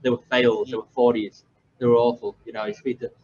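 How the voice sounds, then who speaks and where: Fairly quick and a little mellow, this young man's mid-range voice stays level as he rambles through a personal story. He is an English podcast host, self-deprecating, full of fillers and restarts, heard on slightly dull lo-fi audio with faint noise behind it.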